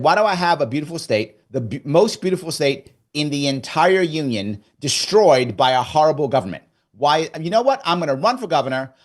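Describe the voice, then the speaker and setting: A middle-aged man from New York talking as an interview guest. He tells his story in an animated way and slips into the voice of his own past thoughts. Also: a little high. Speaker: guest, former governor candidate. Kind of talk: casual interview chat.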